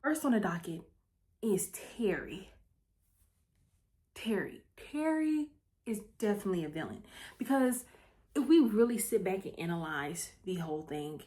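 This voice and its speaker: A woman hosting her vlog, recapping a movie in a breezy, chatty way, full of quick asides and "okay?" check-ins. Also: mid-range voice, very animated, mellow. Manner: breezy and playful, with asides and quick self-corrections. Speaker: vlog host. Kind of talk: casual chat movie recap.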